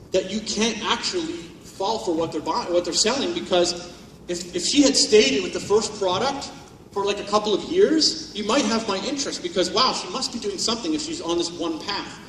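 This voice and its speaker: A man's voice: sits high, a bit bright, far from the mic, a little hiss or hum. Sarcastic, profane man on a hall stage. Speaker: conference speaker. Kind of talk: comedic keynote talk. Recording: echoey hall, speaker off-mic.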